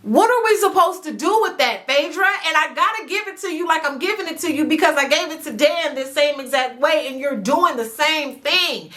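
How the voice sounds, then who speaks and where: A woman hosting a casual reality TV recap, talking straight to the viewer in an animated, chatty way and stretching words for emphasis. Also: high-pitched, normal speed, few pauses. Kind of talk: casual commentary to camera. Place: indoors at home near a sunny window.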